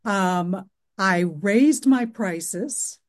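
A woman's voice: medium pitch, expressive, drawn-out words. A woman client explaining her business situation on a coaching call, hesitant, with many fillers.

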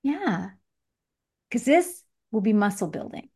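A woman's voice: a little high, slow pace, slightly rough. Direct, encouraging woman coach. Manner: direct, encouraging, animated emphasis. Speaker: business coach. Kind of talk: live group coaching call.

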